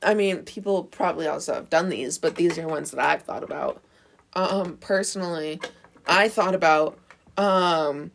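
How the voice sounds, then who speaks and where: A woman's voice: sits low, normal speed, gravelly, a little hiss or hum. A woman hosting a casual solo podcast, rambling, sarcastic and correcting herself, recorded on a phone. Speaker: podcast host.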